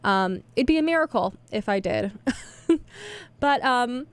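A woman's voice: fairly high pitch, lively intonation, a little slow, clear, resonant tone. A young woman hosting a radio show, chatting casually between songs in a rambling, self-deprecating way, full of fillers and restarts. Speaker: radio host.

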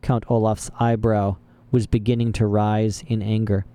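A man's voice: on the low side, little pitch movement, moderate pace, dark tone, clean tone. A man reading a storybook aloud as narrator, with dry, wry asides. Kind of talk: audiobook narration.

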